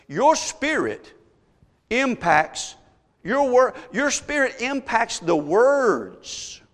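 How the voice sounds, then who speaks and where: A pastor preaches emphatically from the pulpit in a voice that sits high for a man. He makes his points through strings of rhetorical questions, with a long church-hall reverb on the sound.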